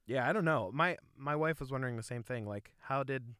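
A man co-hosting a podcast, steering the football talk through the rundown and quoting stats in a steady, casual way. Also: medium pitch, a little fast, clean tone, no echo, studio quality. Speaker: podcast co-host. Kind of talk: casual sports chat.

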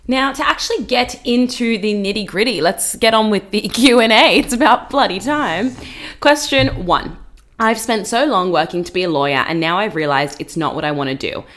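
A young woman, co-hosting a podcast in casual, animated chat and laughing often. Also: medium pitch, moderate pace. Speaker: podcast co-host.

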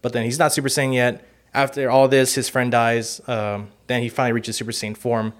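A man's voice: medium pitch, flat delivery, a little fast. A man in casual podcast chat. He rambles and swears, filling his speech with "like" and "you know". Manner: rambling, profane, heavy use of "like" and "you know". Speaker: podcast co-host.

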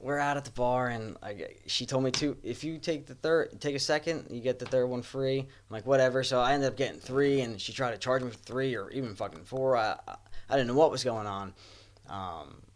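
A man's voice: medium pitch, brisk. A man casually telling a rowdy story among friends, swearing freely and laughing as he goes. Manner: laid-back, profane, laughs through the telling.

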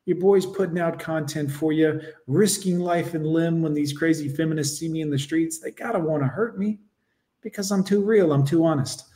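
A man's voice: fairly high pitch, normal speed, mellow. A male host doing livestream reaction commentary, mocking and sarcastic, with crude asides to his viewers.

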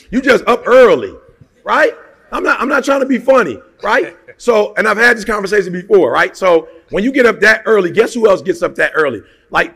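A man with a high-pitched voice delivers a motivational talk, emphatic and full of rhetorical questions. His tone is gravelly and fry-laden, and his casual, slangy phrasing rings out with a long hall reverb behind it. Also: a bit bright. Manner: slangy and conversational. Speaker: motivational speaker.

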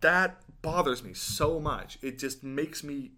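Guy ranting on a podcast, bright voice, kinda high, swears a lot. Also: slow. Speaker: podcast co-host. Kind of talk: casual chat.

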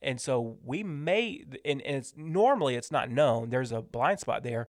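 A man's voice: medium pitch, lively intonation, unhurried, dry recording, clean studio sound. Reflective man in casual business talk. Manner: reflective, explains at length with examples.

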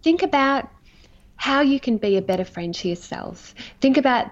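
A woman's voice: high voice, lively intonation, normal speed. A woman trading coach answering interview questions in an earnest, emphatic, enthusiastic way. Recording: dull lo-fi audio.

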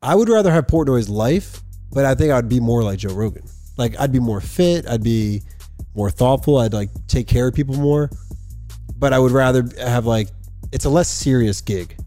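A man's voice: mid-range voice, lively intonation, normal speed, warm tone, soft background music. A young man co-hosting a podcast in casual chat, rambling and swearing freely. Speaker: podcast co-host.

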